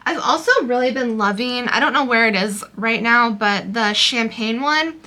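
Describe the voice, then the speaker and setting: A young woman talks her way through a makeup routine in a relaxed, rambling way, full of little fillers. Her voice sits a bit high and sounds bright and forward. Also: moderate pace. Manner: chatty, loose, many fillers like "um" and "like". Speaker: beauty vlogger. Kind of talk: casual makeup tutorial chat.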